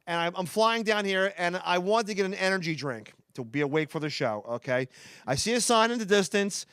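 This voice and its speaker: Fast-talking Philadelphia comedian, crisp voice. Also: male voice, high voice, expressive, a bit bright, no echo, studio quality. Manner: fast-talking, rambling with restarts and asides to the audience. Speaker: stand-up comedian. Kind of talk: stand-up comedy set. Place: stage before a live audience.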